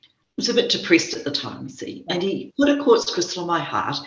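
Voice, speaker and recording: A woman with a New Zealand accent, a spiritual teacher speaking as a guest and telling stories in a gentle, earnest way. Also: fairly low pitch, very animated, fairly quick. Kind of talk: reflective interview conversation. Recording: dull echoey recording.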